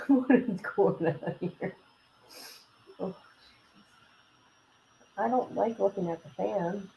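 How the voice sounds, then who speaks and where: A woman's voice: mid-range voice, extremely slow, gravelly, long pauses, a little mellow, slight background noise, low-quality recording. A young woman chatting casually, reacting with frequent giggles and exclamations. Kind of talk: casual chat.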